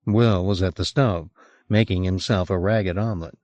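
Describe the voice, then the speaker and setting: A man's voice: fairly even intonation, moderate pace, darkish tone, no echo, dull audio. A man narrating a novel as an audiobook reader, recorded on an old cassette. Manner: voices each character with raised pitch. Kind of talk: audiobook reading.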